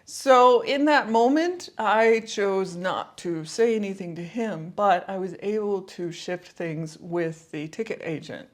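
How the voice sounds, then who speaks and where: A woman's voice: medium pitch, measured pace, hardly any pauses. A woman life coach talking to camera in a casual, reflective vlog, telling a personal story in a conversational way with lots of "like" and "you know".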